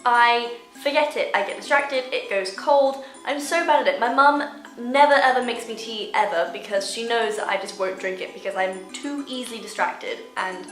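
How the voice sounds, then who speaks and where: Young woman vlogger, chatty and self-mocking, higher voice, roomy echo, soft music behind. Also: normal speed. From Hawaii, USA. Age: young adult. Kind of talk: casual talk to camera.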